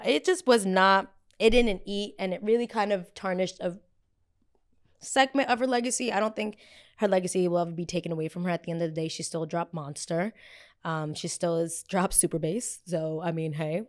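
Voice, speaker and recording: A young woman hosting a pop culture podcast in a blunt, gossipy, animated chat style. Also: on the low side. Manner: animated, gossipy and blunt, with frequent quoted voices. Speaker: podcast host.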